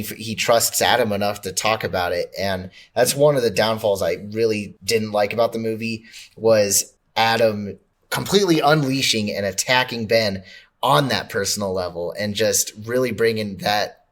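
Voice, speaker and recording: A man's voice: fairly low pitch, fairly even intonation, normal speed. A man co-hosting a casual movie review podcast, speaking thoughtfully with hesitant restarts and open questions.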